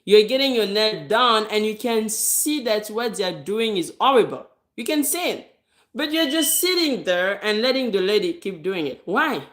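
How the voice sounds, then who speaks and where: A woman's voice: medium pitch, expressive, moderate pace, a bit bright. Blunt, emphatic businesswoman giving advice. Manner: direct and emphatic, repeats key phrases; laughs lightly between points. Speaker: hair braider. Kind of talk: casual advice monologue.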